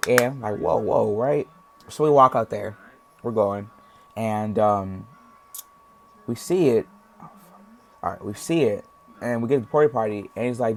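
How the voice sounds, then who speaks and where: A man's voice: medium pitch, normal speed, long pauses. Young man rambling through a casual story. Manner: rambling, heavy slang, acts out voices. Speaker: storytime vlogger.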